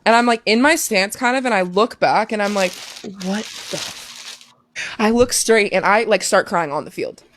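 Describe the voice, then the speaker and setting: A woman's voice: medium pitch, fairly quick, hardly any pauses, a bit bright, slight background noise. A young woman talking as a guest, telling an emotional personal story casually with many fillers.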